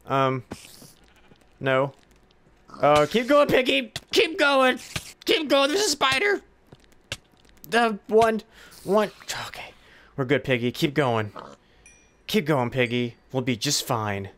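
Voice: medium pitch, slow, pauses often. A let's-play gamer giving casual gameplay commentary, playfully talking to a pet pig, humming along and squealing with alarm. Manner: excitable, squeals and gasps in alarm.

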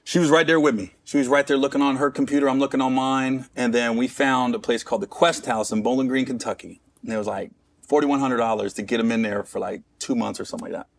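A man's voice: medium pitch, steady tone, quick pace, creaky. A middle-aged man from Cincinnati, a comedian guest, telling a personal story candidly with restarts and wry asides. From Cincinnati, Ohio. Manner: rambling, with restarts and self-mocking asides.

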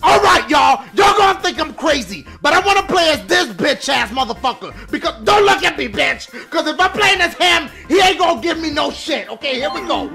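Man, game commentary, high voice, very animated, profane, shouts and mutters, game music behind. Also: brisk, creaky, hardly any pauses. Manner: loud, profane, swings between shouts and low mutters. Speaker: gaming YouTuber.

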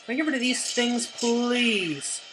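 A woman giving gameplay commentary as a let's play host, getting excitable, cursing and yelling at the game. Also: mid-range voice, normal speed, noisy background. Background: game music.

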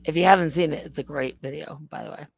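A woman's voice: low-pitched, fast, vocal fry, slightly rough, no room sound. A woman hosting a casual livestream, rambling and laughing at herself. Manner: rambling, self-mocking, laughs often. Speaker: livestream host.

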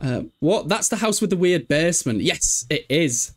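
Brief: young male streamer, raised voice, animated and giggly, bossing his game characters around. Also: fairly high pitch, moderate pace. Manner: excitable, laughing often, shouting at game characters. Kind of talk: casual game commentary. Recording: faint music behind.

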